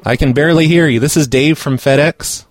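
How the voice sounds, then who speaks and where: A man's voice: fairly high pitch, fairly quick, slight background noise. A man hosting a prank call radio show, brash and profane, talking casually and posing as an official on calls.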